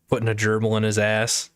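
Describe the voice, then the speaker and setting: A man's voice: lowish voice, fairly bright tone, clean tone, dry recording, clean studio sound. A man hosting a livestream chat with friends, telling gossip in slangy, profane speech with frequent laughter. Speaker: livestream host. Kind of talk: casual chat.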